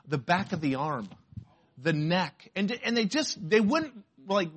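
A man, a pastor, preaching a sermon and telling a story from his own life in an animated way. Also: high-pitched, a little slow. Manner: animated storytelling, shouts when acting out pain.

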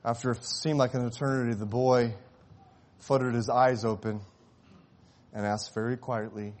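A man preaching a sermon, telling a story and rising to impassioned cries before dropping to hushed, tender tones. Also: medium pitch, fairly even intonation, moderate pace, pauses often. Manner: swells to impassioned shouting at climaxes, drops to hushed tones.

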